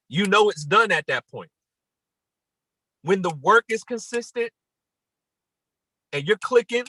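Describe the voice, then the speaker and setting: A man giving an emphatic motivational talk on a morning call, repeating his points and rising to near-shouts. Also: high voice, no echo, poor audio.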